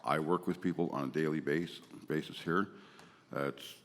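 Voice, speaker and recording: Very deep-voiced, hesitant newcomer candidate. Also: male voice, steady tone, moderate pace, a bit bright. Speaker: mayoral candidate. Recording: distant mic in a reverberant hall.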